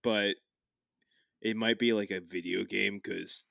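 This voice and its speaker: A man's voice: fairly low pitch, steady tone, takes it slowly, vocal fry, bright, forceful tone, no echo, studio quality. A man hosting a podcast in casual chat, rambling and swearing freely. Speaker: podcast host.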